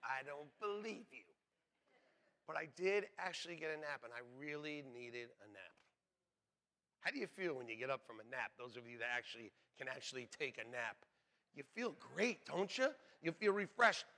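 A man's voice: a little high, normal speed. A middle-aged man preaching a sermon, telling jokey stories with laughs along the way. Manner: joking, animated storytelling with laughs. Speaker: pastor. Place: church sanctuary.

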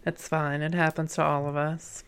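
A man's voice: a little high, little pitch movement, moderate pace, a bit bright, clean tone. A man co-hosting a podcast in casual chat, with a light voice people often take for a woman's, rambling and giggly. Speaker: podcast co-host.

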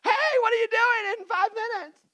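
A man's voice: very high-pitched, moderate pace, sharp tone, voice pushed up. A man playing a pushy, overexcited friend who wants to go out on a whim, voiced with a gushing squeal. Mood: excited. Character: pushy last-minute friend, excited and insistent.

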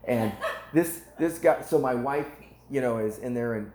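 A man preaching a sermon as animated storytelling, his voice climbing high whenever he gets excited. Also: normal speed, slight background noise. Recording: echoey room.

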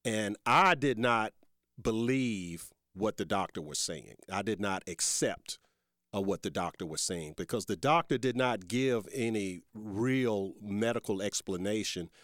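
A man's voice: on the low side, lively intonation, measured pace, a bit bright, dry recording, clean studio sound. A man hosting a talk radio show, folksy and rambling, calling his listeners folks and growing emphatic and heated as he argues.

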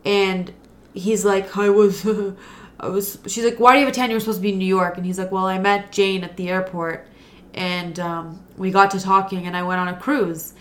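Co-hosting a podcast, this woman talks at a normal speed in a mid-range voice with a level tone. She gives a casual recap of a TV episode, performing the characters' lines herself.

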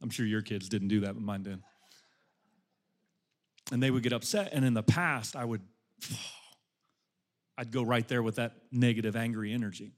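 A middle-aged man preaching a sermon as a pastor, moving from loud, impassioned exhortation to soft, hushed storytelling. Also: medium pitch, steady tone, normal speed, pauses often.

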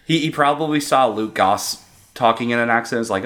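A man's voice: medium pitch, brisk, fairly bright tone, slight background noise. A man in a casual podcast chat about a movie, laid-back, filling his talk with "like". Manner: laid-back, says like often, laughs easily.

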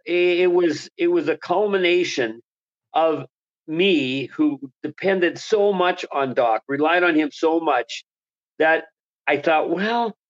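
A man's voice: a little high, slow, dull audio. A man who was a hockey color analyst, telling a long story as an interview guest, enthusiastic and rambling with restarts.

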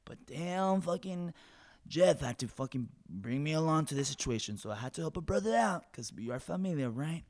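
A man playing a hot-tempered, foul-mouthed factory worker in an improvised comic story, ranting and bursting into shouts. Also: on the high side, animated, normal speed.

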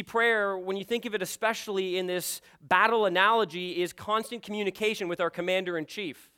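A man's voice: high-pitched, bright, forceful tone, clean tone. A man preaching a sermon to his congregation in an earnest, emphatic way, often repeating "you see". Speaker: pastor.

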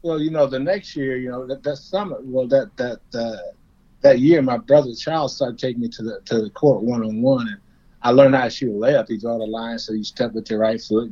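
A man from Indiana talks as a guest, spinning self-deprecating stories and chuckling between stumbling restarts. His voice sits at a middle pitch. The audio is slightly dull and lo-fi. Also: dark tone, breathy edge. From Indiana, USA. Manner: self-deprecating, laughing storyteller with frequent restarts. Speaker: guest, former player. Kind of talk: storytelling in a conversation.

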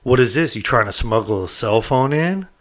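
A man's voice: mid-range voice, lively intonation, moderate pace, a bit bright, close to an everyday voice. A man quoting a laid-back male prison guard who talks in an offhand, teasing way.

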